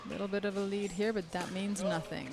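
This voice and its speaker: A woman's voice: medium pitch, fairly even intonation, fairly quick, very noisy. A woman commentating a live match, explaining play in a conversational way. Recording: loud music behind.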